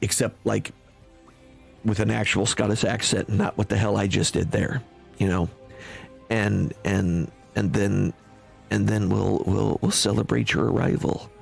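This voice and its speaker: A man streaming a video game, cracking crude jokes and laughing at himself, low on energy with a headache. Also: level tone, unhurried, creaky, husky, faint music behind. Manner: jokey and self-mocking, laughs often. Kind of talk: let's play commentary.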